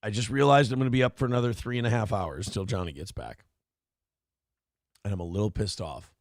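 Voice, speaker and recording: Speaking fairly quickly in a fairly low voice, a male stream host talks late at night, slightly drunk and worn out. The sound is dry and studio-grade, and his casual chatter is full of swearing that turns into annoyed rants.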